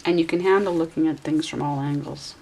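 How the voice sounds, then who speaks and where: Low, gravelly-voiced woman reading tarot. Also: fairly quick, darkish tone. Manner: musing aloud, self-correcting. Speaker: tarot reader.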